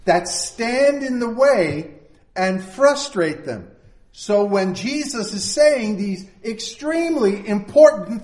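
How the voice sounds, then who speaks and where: A man preaching a sermon with a fairly high voice and an unhurried delivery. He talks conversationally and keeps checking in with his listeners. The sound carries a noticeable room echo. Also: darkish tone. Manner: conversational, acts out quoted voices, frequent "all right?". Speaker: pastor.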